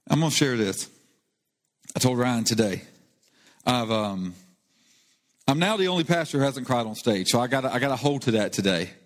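Speaking at a moderate pace and pausing often, a male pastor gives an earnest, conversational sermon. His medium-pitched voice has lively intonation and builds emphasis on key points, all echoing with the long reverb of a church hall.

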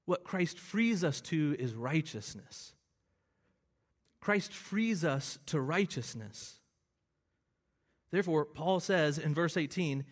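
A man's voice: on the high side, a bit bright. A man preaching an expository sermon, earnest and explanatory, rising to emphatic bursts on key phrases. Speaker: pastor.

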